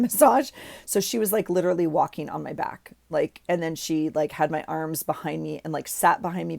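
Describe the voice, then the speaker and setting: A woman's voice: on the low side, gravelly, a little mellow, no echo. A middle-aged woman vlogger chatting casually at home about her journal, rambling with lots of ums and likes. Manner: rambling, chatty, frequent fillers like um and like. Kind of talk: casual chat.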